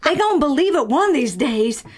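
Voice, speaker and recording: A woman's voice: high voice, sing-song, a little fast. A woman voicing a shaken Southern man insisting people won't believe his alien encounter, in a put-on Southern US accent, drawling and half laughing. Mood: insistent.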